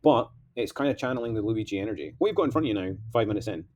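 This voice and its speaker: A man's voice: fairly low pitch, lively intonation, rapid-fire, darkish tone. A man delivering a rambling political monologue as a candidate, impassioned, veering between outbursts and mutters.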